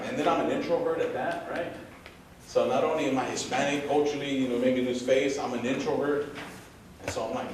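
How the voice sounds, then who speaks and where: A man's voice: medium pitch, fairly quick. A man from Houston, Texas, giving a casual storytelling presentation as a motivational speaker, with lots of fillers and asides, heard from a distance in a large room. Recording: echoey room, distant mic, background noise.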